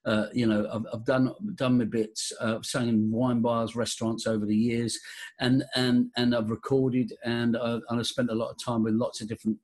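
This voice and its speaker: A man's voice: mid-range voice, moderate pace. An older man, a vocal coach, telling stories animatedly in a casual interview, often restarting his sentences. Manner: animated storyteller, voices quotes, frequent restarts.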